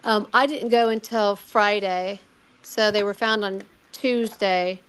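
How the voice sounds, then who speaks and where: A middle-aged woman telling a personal story in casual chat, animated, acting out what people said, with many restarts. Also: medium pitch, slow pace, smooth. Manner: animated, acts out quoted voices, many restarts. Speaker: guest recounting a personal experience.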